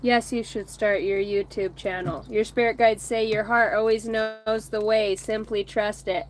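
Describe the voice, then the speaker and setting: A woman in her thirties streams an oracle card reading on her phone by a bonfire at home, with a little hiss or hum. Her medium-pitched voice is steady and a little slow as she rambles, swears and laughs between remarks.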